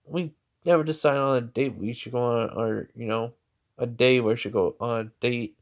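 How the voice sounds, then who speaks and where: A man voicing a flustered teenage girl ninja, pitching his voice high with startled questions, on a dull lo-fi recording. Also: normal speed, close to an everyday voice.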